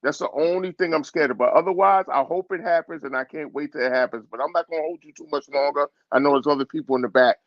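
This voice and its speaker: A man calling in to a sports podcast, talking in a relaxed, friendly, slangy way. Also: fairly high pitch, quick pace, hardly any pauses, dry recording, lo-fi sound. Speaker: call-in guest. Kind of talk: casual chat.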